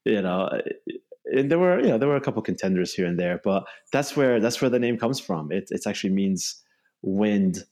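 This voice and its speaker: A man's voice: lowish voice, lively intonation, moderate pace, a little mellow. Man rambling with lots of fillers. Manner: rambling, many "you know" and "right?" tags. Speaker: bike company co-founder, guest. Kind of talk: casual interview talk.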